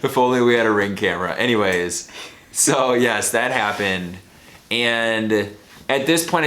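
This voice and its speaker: Husband in casual storytelling, slightly low voice, animated, roomy echo. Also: male voice. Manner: animated, acts out his own panicked shouting. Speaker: husband telling a birth story.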